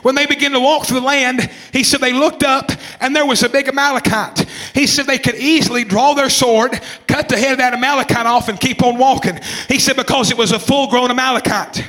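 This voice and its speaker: A man in his twenties preaching a fervent sermon, repeating phrases, shouting some lines and calling on listeners by name. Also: very high-pitched, fairly even intonation, brisk. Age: 20s. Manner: calls out congregation members by name.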